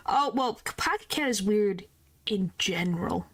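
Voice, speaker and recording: A woman's voice: medium pitch, lively intonation, measured pace, husky. A woman streaming a horror game, talking casually and reacting with exasperated disbelief. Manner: exasperated, incredulous, says "frickin'" a lot. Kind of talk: casual gameplay commentary.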